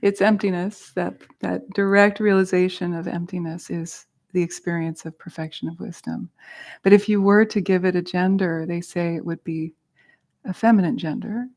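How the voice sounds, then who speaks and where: A woman's voice: lowish voice, steady tone, normal speed, darkish tone. A woman teaching a meditation class, patiently explaining terms in a casual way and adding self-aware asides to the group.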